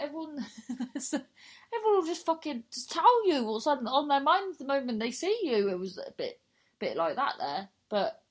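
A woman's voice: on the high side, slightly rough. A young woman telling a rambling, sweary personal anecdote in a casual chat, breaking into laughter and digressions.

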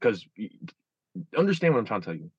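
A man's voice: fairly low pitch, big pitch swings, quick pace, breathy edge, no room sound, lo-fi sound. A man in his thirties, a guest in an interview, speaking earnestly with many restarts and repeats. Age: 30s. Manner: earnest, repeats and restarts, acts out inner voices. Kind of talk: emotional interview.

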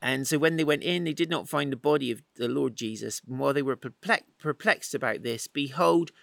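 A man's voice: mid-range voice, brisk, vocal fry, a bit bright, dry recording, low-quality recording. A man teaching from the Bible outdoors in the wind, retelling the story in a chatty, playful way with asides. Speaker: preacher.

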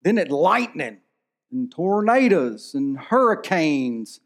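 Slightly high-voiced preacher in his forties. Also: a little slow, darkish tone. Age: 40s. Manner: conversational preaching, storytelling with movie anecdotes. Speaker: pastor. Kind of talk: sermon.

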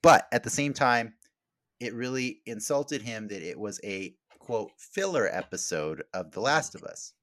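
A man's voice: lowish voice, measured pace, fairly bright tone, no room sound, clean studio sound. A man hosting a podcast, chatting casually and rambling, with many fillers and restarts. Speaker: podcast host.

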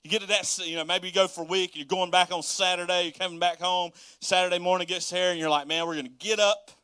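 A pastor preaches a sermon in a high, forceful voice, talking fast and smoothly in a folksy, casual manner packed with asides. He acts out everyday moments with animated energy. The recording is dry and close.

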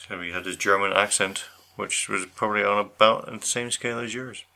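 Low, bright-toned man, co-host, dry teasing banter. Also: steady tone, brisk, gravelly. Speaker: podcast co-host. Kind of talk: casual chat.

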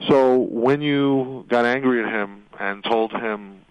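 He talks slowly at a medium pitch, with no room sound. An attorney hosting on radio, he steers a female guest through her account using rambling leading questions, usually capped with "right?", and the broadcast audio is dull.

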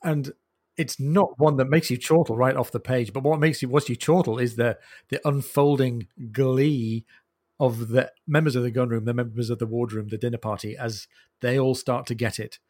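Talkative podcast host, book chat, voice neither high nor low. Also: male voice, moderate pace. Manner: animated, reads quoted lines in put-on accents. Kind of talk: conversational book discussion.

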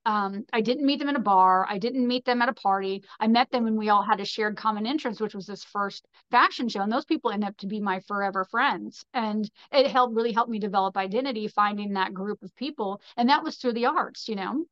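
A woman fashion designer, appearing as a podcast guest, tells stories in a casual, rambling way full of "like" and "you know." Her medium-pitched, slightly bright voice runs a little fast with few pauses, and the recording has no room sound but is dull and muffled.

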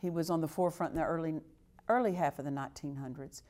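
A woman's voice: deep voice, fast, darkish tone. A woman preaching a sermon, earnest and exhortative, repeating phrases for emphasis and now and then breaking into a short laugh. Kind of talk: sermon to a responding congregation.

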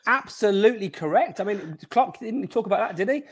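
A man's voice: high voice, lively intonation, slightly rough. A man co-hosting a football podcast, trading jokes and banter. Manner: fast, joking banter. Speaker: podcast co-host. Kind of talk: casual podcast chat.

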